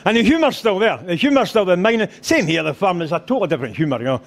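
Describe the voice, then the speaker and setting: Telling rowdy, sweary stories with boisterous energy, a middle-aged Scottish comedian slips into character voices during a live stand-up set at a rugby club function room. He talks at a quick pace in a high voice that swings widely in pitch.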